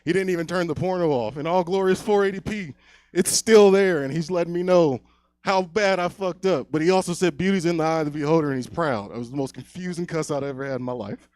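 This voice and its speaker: A young man doing a stand-up set on a comedy club stage, telling a long story, often dropping to a hush, then getting loud again. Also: on the high side, a little fast, dry recording. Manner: loose storytelling, swings loud and quiet.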